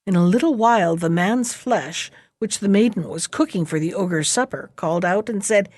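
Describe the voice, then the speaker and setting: A woman reading a fairy tale aloud in a slow, measured storybook manner. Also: medium pitch, darkish tone, no echo, studio quality.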